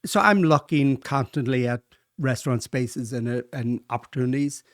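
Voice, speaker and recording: A man's voice: mid-range voice, normal speed, dry recording, studio quality. A man in his sixties from Ireland with an Irish accent, chatting upbeat as a podcast guest and pub owner. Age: 60s. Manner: upbeat, chatty, swears freely. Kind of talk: casual chat.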